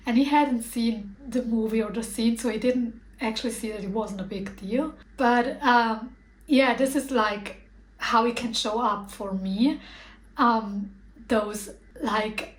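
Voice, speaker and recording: Young woman, earnest and searching, reflective personal vlog talk, recorded in a roomy, echoing space. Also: on the high side. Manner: earnest, searching, many fillers and restarts. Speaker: spiritual content creator.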